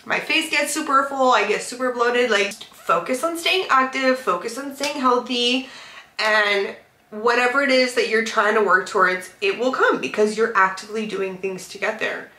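A young woman vlogs in a candid, heartfelt way, her voice bright and a touch high. She rambles openly with many fillers, and the sound is echoey and roomy. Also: normal speed. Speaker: vlogger. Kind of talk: candid confessional vlog chat. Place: car.

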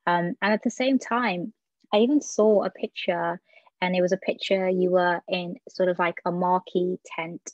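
A woman in a group giving soft-spoken, hedging feedback in casual talk. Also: fairly low pitch, fairly even intonation, moderate pace, no echo, lo-fi sound. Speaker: group member.

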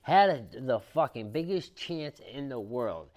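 A man with a Boston accent, a podcast guest telling prison stories in a loud, profane, animated way, acting out the quotes. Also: mid-range voice, measured pace. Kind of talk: casual storytelling interview.

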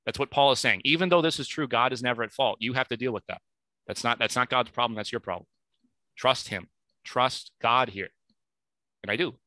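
A young man with a strikingly bright, forceful voice, recorded close and dry with no room sound. He talks earnestly through scripture in a relaxed podcast style, reading verses with emphasis and stumbling over his own corrections. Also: medium pitch, brisk, long pauses, no echo. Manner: earnest, self-correcting, thinking aloud; reads scripture aloud with emphasis. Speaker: podcast speaker. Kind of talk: casual Bible discussion.

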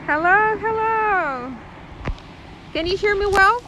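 A woman from Ukraine, giving a live-streamed guided tour outdoors in a chatty way, full of fillers and pauses. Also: extremely high pitch, lively intonation, dull audio, background noise. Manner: chatty, hesitant with many fillers. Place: outdoors in a town.

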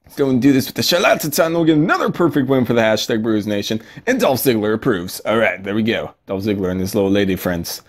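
Excitable young man chatting over gameplay. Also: on the low side, fast. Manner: excitable, chatty, giggling, sudden yelps. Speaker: mobile game commentator. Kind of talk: casual gameplay commentary.

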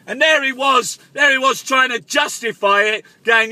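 High, shouting man ranting. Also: normal speed, no echo. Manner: shouty and excitable, stammers with repeated words. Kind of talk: comic rant monologue.

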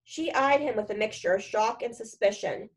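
A woman's voice: on the high side, lively intonation, moderate pace. Woman reading a storybook aloud. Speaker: reader. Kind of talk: audiobook reading.

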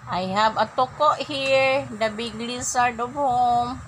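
A woman's voice: a little high, steady tone, takes it slowly, slight background noise, rough recording. An older woman, a grandmother talking to her granddaughter at bedtime in a casual home vlog, coaxing, repeating herself and laughing often. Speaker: grandmother vlogger. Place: bedroom at home.

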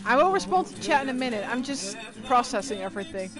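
A woman's voice: high voice, sing-song, fast. A young adult woman streaming a game live, rambling and flustered, swearing as she talks. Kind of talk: live gameplay commentary. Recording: game music loud under voice. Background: loud game music.

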